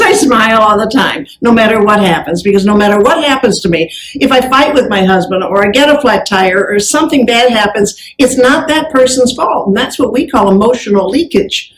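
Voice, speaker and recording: Lively woman speaking in a roomy hall. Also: fairly high pitch, a little fast. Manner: lively storytelling, acting out quoted people; laughs often between phrases. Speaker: customer service speaker. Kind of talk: keynote talk to a business audience. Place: event hall with an audience.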